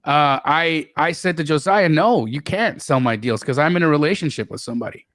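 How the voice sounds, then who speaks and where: A middle-aged man telling stories as a podcast guest, animated, often repeating words and restarting. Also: a little fast, dry recording, studio quality. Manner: animated, acts out quoted voices with big pitch jumps. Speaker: guest real estate investor. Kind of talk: storytelling in a podcast interview.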